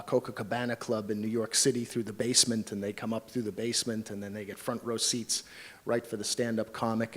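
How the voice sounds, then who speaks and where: An American man moderating a panel at a conference workshop, talking in a relaxed, chatty way with many fillers. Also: medium pitch.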